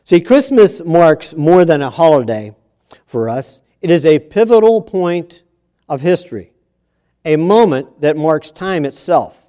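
A man preaching a sermon in a church, reading scripture and repeating key phrases with emphasis, moving between hushed and loud passages. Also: on the high side, animated, measured pace.

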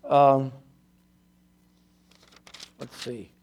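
A man's voice: medium pitch, flat delivery, drawn-out words, gravelly, a little mellow, a little hiss or hum. An older man preaching to his church, telling personal stories in a chatty way, laughing often and acting out the voices of people he quotes. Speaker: pastor. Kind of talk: storytelling sermon testimony.

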